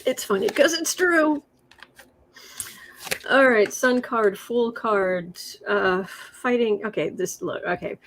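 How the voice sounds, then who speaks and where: A woman's voice: a little high, takes it slowly, fairly bright tone, slight background noise. A woman hosting a casual livestream, reading tarot cards aloud with sarcastic, chatty asides. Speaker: tarot reader and livestream host.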